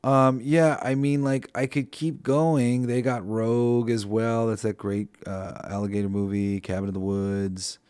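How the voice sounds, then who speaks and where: A man's voice: lowish voice, flat delivery, unhurried, hardly any pauses, darkish tone, smooth, no echo, clean studio sound. A man hosting a podcast in casual, rambling talk, swearing freely and thinking aloud with lots of fillers. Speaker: podcast host.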